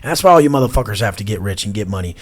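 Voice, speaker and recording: Casual podcast guest: husky, blunt man who curses constantly and talks with intensity. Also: on the low side, expressive, very fast. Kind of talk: casual chat.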